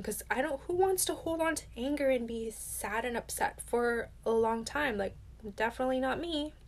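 Chatty young woman podcast host. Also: a little high. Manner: chatty, heavy use of "like", candid and swears casually. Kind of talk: casual self-help monologue.

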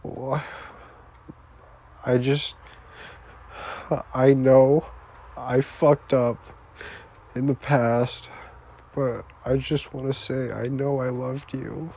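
A man's voice: medium pitch, level tone, slow, pauses often, mellow, slightly rough. A man crying as he records a rambling, profane, heartbroken personal voice message.

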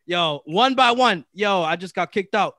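A young man in his twenties telling a story among friends, animated and profane, saying "bro" constantly. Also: high-pitched, unhurried, dry recording, clean studio sound.

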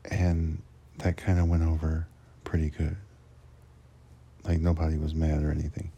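A man with a very low, gravelly voice that stays flat, telling a crude, profanity-laced story off the cuff. His tone is dark and husky, and he keeps circling back and restarting his sentences. He sounds like a working truck driver talking casually. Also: moderate pace. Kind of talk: casual rambling storytelling monologue.

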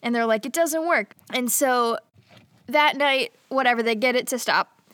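A woman's voice: fairly high pitch, moderate pace, a bit bright, clean tone, dry recording. A young woman casually retelling a movie plot to a co-host, chatty and giggly, acting out the characters' lines. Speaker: podcast co-host.

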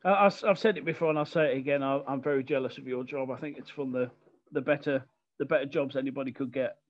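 A man with a Birmingham accent hosting a podcast in a fairly monotone way. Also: medium pitch, fast. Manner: self-described monotone. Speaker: podcast host. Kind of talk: casual podcast chat. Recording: dull lo-fi sound.

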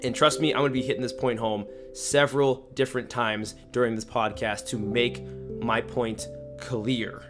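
A young man hosting a podcast, telling a story in casual chat, animated and slangy, acting out the lines he quotes. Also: medium pitch, moderate pace, music in the background. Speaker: podcast host.

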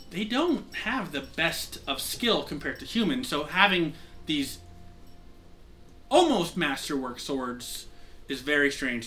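Bright-voiced male game master, sore throat. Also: medium pitch, slight background noise. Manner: rambling, many fillers and restarts. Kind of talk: narrating a tabletop game.

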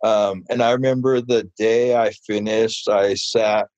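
A man being interviewed about his mural work, telling stories in a casual, animated way full of fillers. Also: on the low side, measured pace, dry recording, muffled recording. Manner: animated, chatty, many fillers. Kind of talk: casual storytelling.

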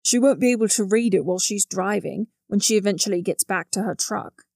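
A woman voicing a quiet, shaken teenage boy in a storybook reading, asking questions in a puzzled way. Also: mid-range voice, a little fast, no room sound, clean studio sound, natural voice.

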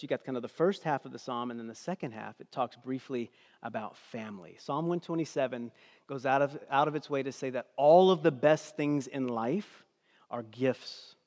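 In a church with long hall reverb, a middle-aged male pastor preaches a sermon in a medium-pitched voice. He swings between hushed near-whispers and loud, emphatic declarations.

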